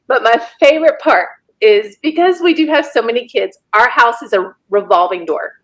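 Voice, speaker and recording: Woman in her forties, guest storyteller, slightly high voice, lively and quick to laugh. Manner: lively, laughs often while telling a story. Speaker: podcast guest. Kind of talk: casual storytelling.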